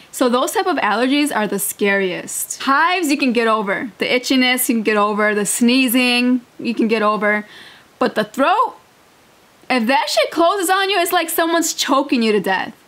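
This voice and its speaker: A woman's voice: on the high side, a bit bright. A woman hosting a reaction video, talking casually and bluntly, laughing often and swearing freely.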